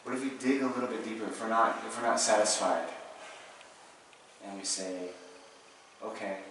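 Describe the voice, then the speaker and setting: A man's voice: fairly low pitch, brisk, a bit bright. A male Buddhist teacher giving an informal, conversational Dharma teaching to students in a meditation hall, often checking in with "right?". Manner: conversational, with frequent "right?" checks and self-corrections. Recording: echoey room, distant mic, audible noise.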